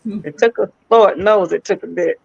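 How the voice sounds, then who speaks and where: A woman's voice: medium pitch, normal speed, gravelly, dull audio, crowd noise. A woman telling a playful, self-mocking story in casual chat, laughing often.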